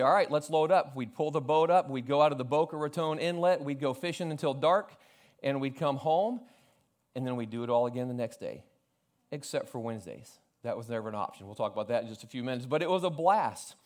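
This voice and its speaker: Forties guy from south florida giving a sermon, funny family stories, normal pitch. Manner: storytelling with humor, animated quoting of family. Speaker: pastor.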